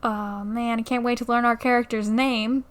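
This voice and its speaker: A woman's voice: on the high side, level tone, moderate pace. A young woman casually commenting on a game at home into a new mic, playfully reading the dialogue aloud and joking about it. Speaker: let's play creator. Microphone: new desktop mic.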